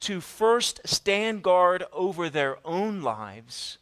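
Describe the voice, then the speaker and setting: Man, pastor, sermon, slightly high voice, animated storytelling, questions to the congregation. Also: extremely slow.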